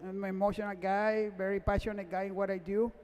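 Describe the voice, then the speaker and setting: A man, a race car mechanic, gives a halting, emotional acceptance speech at an awards gala, close to tears and often repeating himself in non-native English. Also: sits high, little pitch movement, a little mellow, smooth. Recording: echoey hall reverb.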